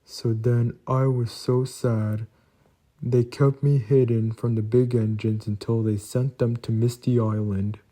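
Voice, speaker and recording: A man's voice: mid-range voice, flat delivery, unhurried, dark tone, lightly acted. A man voicing a shy little engine. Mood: sad. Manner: earnest, apologetic. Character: shy, timid new little male engine.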